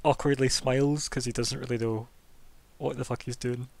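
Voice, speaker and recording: A man's voice: mid-range voice, steady tone, normal speed, vocal fry, dry recording. A man running a tabletop game as game master, narrating in a loose, rambling way. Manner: casual, rambling with fillers.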